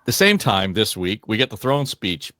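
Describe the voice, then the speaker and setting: A man's voice: fairly low pitch, very animated, moderate pace, pushed and bright, dry recording. A man hosting a political panel, talking conversationally and putting questions to his guests. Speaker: host.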